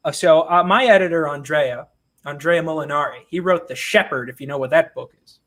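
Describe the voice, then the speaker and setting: Animated, higher-voiced man telling stories. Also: brisk. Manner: animated, self-mocking storyteller. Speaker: comic book writer, guest. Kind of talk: casual interview chat.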